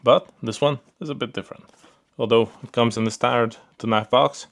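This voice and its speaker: Gravelly man reviewing gear casually. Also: medium pitch, brisk. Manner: relaxed, repeats fillers like "pretty cool" and "yeah"; handles the gear while talking. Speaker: product reviewer.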